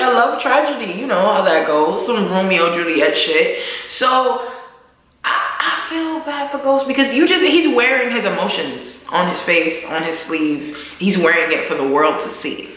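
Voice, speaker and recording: A woman's voice: on the high side, normal speed, fairly bright tone, very echoey, poor audio. A woman vlogger recapping a TV episode in a casual, slangy, profane way, acting out the scenes as she goes.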